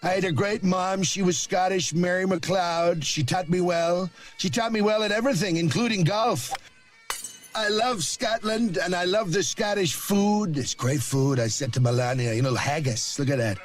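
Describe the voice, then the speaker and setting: A man doing an impression of a boastful older politician who rambles and praises himself in quick asides. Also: high voice, steady tone, faint music behind, close to an everyday voice.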